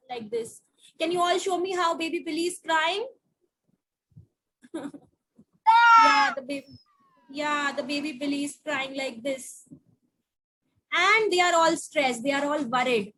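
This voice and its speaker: A woman teacher reading a picture book to young children over a video call, asking them slow, coaxing questions. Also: high voice, pushed and bright, slight background noise, rough recording.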